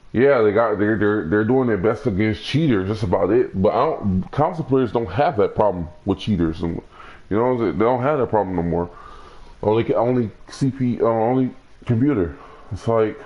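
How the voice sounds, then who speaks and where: Young male gaming streamer, low voice, loose rambling delivery, muffled lo-fi stream sound. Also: normal speed. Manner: rambling, many restarts and fillers. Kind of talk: casual gaming commentary.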